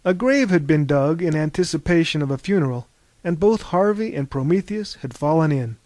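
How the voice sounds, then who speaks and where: A man narrating an audiobook in a calm, wry storytelling manner. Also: a little high, moderate pace, dry recording.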